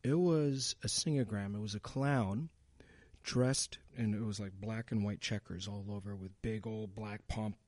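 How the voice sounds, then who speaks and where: A man's voice: fairly low pitch, a little slow, a little mellow, dry recording. A young man in casual chat, telling a long anecdote with many restarts and fillers.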